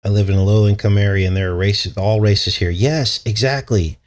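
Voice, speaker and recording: A man with a fairly low voice hosts a casual livestream. He rambles from point to point, chuckles often and speaks straight to viewers in the chat. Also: fairly even intonation, brisk, darkish tone. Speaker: channel host.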